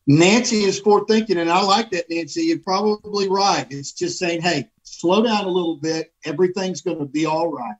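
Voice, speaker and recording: Encouraging male co-host, high pitch, husky tone, warm friendly chat. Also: moderate pace, hardly any pauses, lo-fi sound. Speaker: radio co-host. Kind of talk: casual morning show chat.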